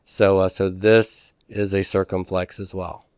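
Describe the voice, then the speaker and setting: A man teaching a classroom lecture in a relaxed way, with frequent fillers and restarts. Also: sits low, unhurried, smooth, no room sound, clean studio sound.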